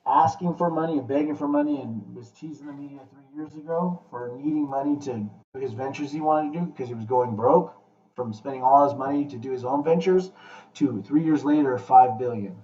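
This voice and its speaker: A man's voice: mid-range voice, a little fast. Blunt, swearing man in an echoey room. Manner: blunt, profane, animated pep talk. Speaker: podcast host. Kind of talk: casual podcast chat. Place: room with guests. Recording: echoey, distant, muffled room mic.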